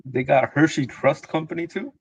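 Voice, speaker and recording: Laid-back male co-host, slightly raised pitch, dull muffled sound. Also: normal speed, creaky, husky, no room sound. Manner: relaxed, chuckling, easygoing. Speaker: podcast co-host. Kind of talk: casual chat.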